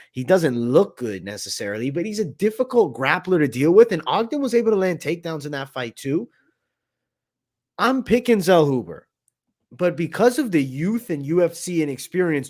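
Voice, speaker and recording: Chill guy hosting a betting show, mid pitch, runs through odds and picks. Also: a little mellow. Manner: laid-back, breaks down odds and picks. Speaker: host. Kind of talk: casual sports betting chat.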